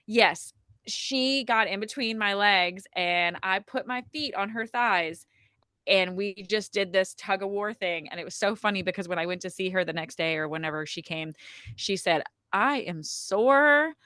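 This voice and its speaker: A woman telling a personal story in a casual podcast conversation, chatty and animated, with plenty of "like" and "um". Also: mid-range voice, moderate pace, clean tone, no room sound, clean studio sound. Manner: chatty, frequent "like" and "um" fillers, animated retelling. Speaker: podcast guest telling her birth story.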